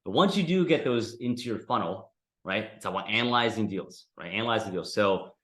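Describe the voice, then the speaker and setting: A man's voice: fairly low pitch, animated, brisk, a bit bright, reverberant. A man teaching a real estate investing class in a casual, conversational way, often tagging sentences with "right?". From United States.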